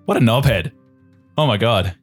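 A man's voice: lowish voice, lively intonation, normal speed, soft background music. A man voicing a brash, cocky young male athlete with a mullet, talking in a boisterous, slangy, matey way. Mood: bluster.

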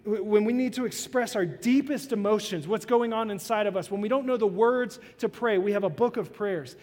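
A young man giving a sermon as pastor, earnest and conversational, sometimes pleading softly. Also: high voice, normal speed, in a large hall.

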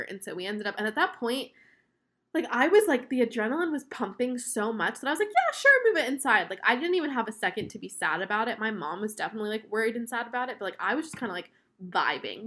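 A woman's voice: medium pitch, a bit bright. A young woman in her twenties telling a personal story in a casual, chatty way, with many fillers and gushing enthusiasm. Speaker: vlogger.

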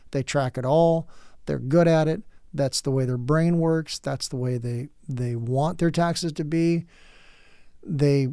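A man in his late fifties talks through a candid lecture as a podcast host, blunt and earnest, tripping over his words and starting phrases again. His voice sits a little high for a man. The sound is dry and close, with no room around it. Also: darkish tone, clean tone, dry recording. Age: late 50s.

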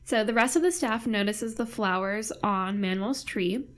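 A woman's voice: mid-range voice, normal speed, fairly bright tone. A woman co-hosting a casual podcast, chatting about a TV drama with lots of fillers. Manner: chatty, frequent fillers and laughs. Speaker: podcast co-host. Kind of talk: casual chat recapping a drama.

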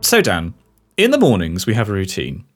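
Young English man, podcast co-host, animated pitch, quick to laugh. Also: over loud music. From England. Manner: animated, laughs often, jokey. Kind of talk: casual chat.

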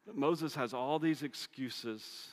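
A man's voice: medium pitch, takes it slowly. A man preaching a sermon, retelling a scripture story conversationally with humorous asides. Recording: long hall reverb.

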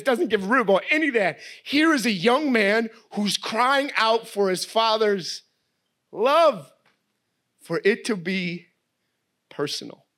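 A man, preaching a sermon as guest preacher, telling stories and voicing his daughter. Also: high-pitched. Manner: animated storytelling, voices his daughter.

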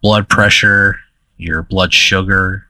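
A man's voice: low voice, level tone, takes it slowly, pushed and bright, dry recording. Male co-host, rambling comedic storyteller, full of "uh"s, laughs through his lines, dry sound. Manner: rambling storyteller, laughs mid-sentence, many fillers. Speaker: podcast co-host. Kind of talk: casual comedic chat.

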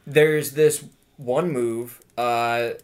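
A man's voice: mid-range voice, steady tone, very slow. A man in casual chat about video games, rambling with many fillers and frequent laughs.

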